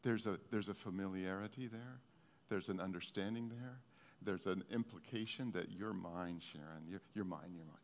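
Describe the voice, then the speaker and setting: A man's voice: sits low, normal speed. Earnest male preacher in reverberant hall. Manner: earnest, heartfelt storytelling. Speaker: pastor. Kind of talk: sermon.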